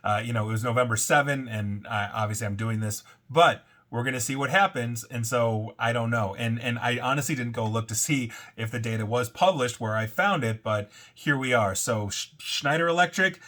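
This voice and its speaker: A man hosts a casual solo show on data breaches, with a bright, forceful voice at a middle pitch. He rambles a little, stacking fillers and correcting himself as he goes. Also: normal speed, few pauses. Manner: reads quotes aloud in a put-on French accent.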